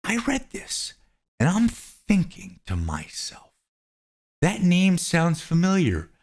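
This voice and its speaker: A young man ranting in a commentary vlog, profane, excitable and mocking, addressing his viewers as bros. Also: sits high, takes it slowly, slight background noise. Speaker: YouTube commentator.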